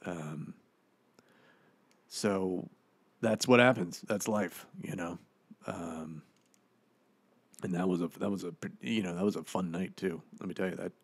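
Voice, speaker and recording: A man's voice: low voice, measured pace, pauses often, slightly rough, dry recording, exaggerated voice. A man playing the rambling, profane ghost of a washed-up male actor in a comedic audio commentary, full of fillers. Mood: rambling, boastful.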